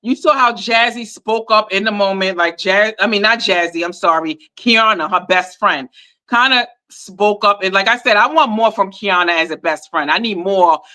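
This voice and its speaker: Woman, bright voice, animated casual recap chat, slangy. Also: medium pitch, normal speed. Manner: animated, emphatic, informal slang. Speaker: podcast co-host.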